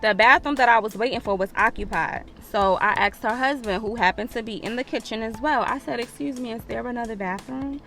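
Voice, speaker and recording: A woman's voice: fairly high pitch, fairly quick, hardly any pauses, fairly bright tone, faint music behind. A woman vlogger, telling a storytime with profanity and acted-out quotes. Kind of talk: storytime vlog.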